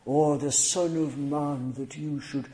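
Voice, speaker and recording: Slow, dark-voiced male preacher. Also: a little high, fairly even intonation, slight background noise. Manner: slow and emphatic, dropping to near whispers. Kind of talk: sermon.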